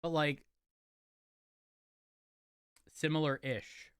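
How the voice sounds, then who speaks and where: A man's voice: a little high, steady tone, moderate pace, a bit bright, clear, resonant tone, no echo. Casual male streamer, loose self-correcting chatter, dead-dry close-mic sound. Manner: rambling, self-correcting, talks while eating. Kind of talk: casual chat while gaming.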